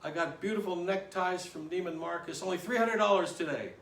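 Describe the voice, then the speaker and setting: A man telling a joke, voicing a pushy male necktie salesman who haggles briskly. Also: high voice, a bit bright, voice pushed up. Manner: brisk hard sell, haggling. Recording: roomy echo, mic at a distance.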